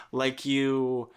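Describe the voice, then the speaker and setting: A man's voice: mid-range voice, clear, resonant tone. A man hosting a casual solo podcast, rambling with lots of fillers and swearing freely. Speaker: podcast host.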